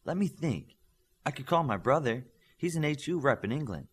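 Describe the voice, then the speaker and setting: A man's voice: mid-range voice, lively intonation, normal speed, breathy edge, pitched above the performer's own voice. A man voicing a proud, stern female teacher with a Scottish accent, dry and pointed in how she speaks. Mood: stern teacherly.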